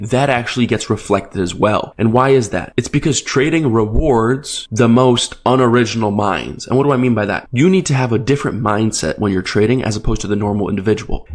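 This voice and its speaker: A man giving a casual, preachy motivational lecture on trading, bluntly tagging "right?" onto his sentences. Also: lowish voice. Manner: keeps adding a questioning "right?" to sentences; blunt, preachy, grows more emphatic. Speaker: trading educator.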